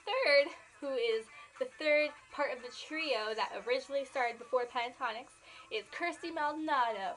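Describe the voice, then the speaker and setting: A nineteen-year-old woman vlogging, gushing excitedly about a band she loves, full of "like" and "oh my gosh". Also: high voice, moderate pace, faint music behind, rough recording. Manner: excitable, gushing, filler-heavy. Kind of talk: gushing fan vlog.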